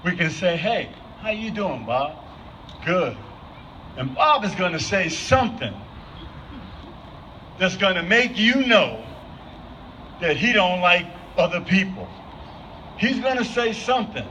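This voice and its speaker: A man speaking off the cuff at an outdoor vigil gathering keeps putting questions to the crowd. He is high-pitched with big pitch swings, bright and forceful, measured and often pausing; the distant recording is dull lo-fi with faint noise.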